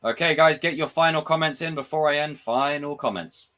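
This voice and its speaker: A young man chatting casually on his live stream, reading viewer comments, swearing freely and acting out film scenes with loud impressions. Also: fairly high pitch, a little fast, slight background noise. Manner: animated, swearing, reads and answers chat comments. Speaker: livestream host.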